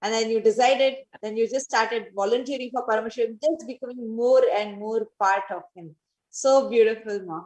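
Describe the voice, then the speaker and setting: Woman co-host, sorta high, quick and fond, sounds far off with room echo. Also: darkish tone. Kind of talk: interview introduction. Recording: echoey room, set back from the mic.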